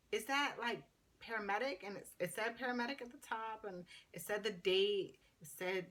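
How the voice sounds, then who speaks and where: In a chatty, casual vlog, a paramedic student in her 30s gives an animated retelling of a story packed with "like." She speaks at a medium pitch and normal speed.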